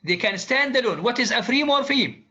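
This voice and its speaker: A man's voice: very high voice, expressive, normal speed, pushed and bright. A man lecturing on linguistics, repeating key phrases and quizzing his students. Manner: repetitive, drills students with quiz questions. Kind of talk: classroom lecture. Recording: dull lo-fi classroom recording.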